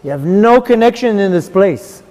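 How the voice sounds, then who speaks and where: A man voicing stern heavenly beings who calmly and firmly refuse to let a soul stay. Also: high-pitched, normal speed, long reverb tail. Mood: firm refusal.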